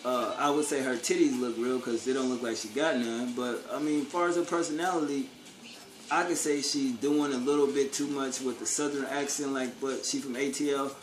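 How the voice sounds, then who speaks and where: A man's voice: medium pitch, steady tone, normal speed, a little hiss or hum. A man vlogging a casual opinion rant, blunt and profane, full of street slang and rhetorical questions. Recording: echoey room with faint ambience.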